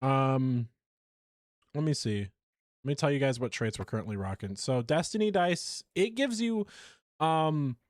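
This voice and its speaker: Animated, chatty male streamer. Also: medium pitch, measured pace, no room sound, studio quality. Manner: chatty, animated, self-mocking. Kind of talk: live gameplay commentary.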